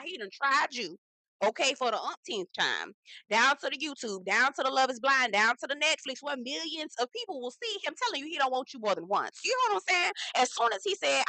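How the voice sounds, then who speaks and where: A woman hosting a casual reality TV recap, talking in a sassy, profane, animated way and acting out the quotes herself. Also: high voice, dry recording, rough recording.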